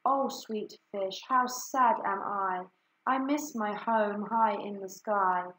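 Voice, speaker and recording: A woman's voice: a little high, animated, takes it slowly, fairly bright tone. A woman voicing the sad lonely moon Luna. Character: sad lonely female moon, gentle and wistful. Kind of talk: storybook read-aloud. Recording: echoey room.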